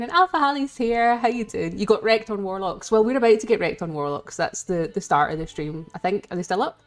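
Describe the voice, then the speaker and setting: A woman's voice: medium pitch, fast talker, faint music behind. A Scottish woman chatting casually with viewers on a live game stream, rambling and giggling as she greets people.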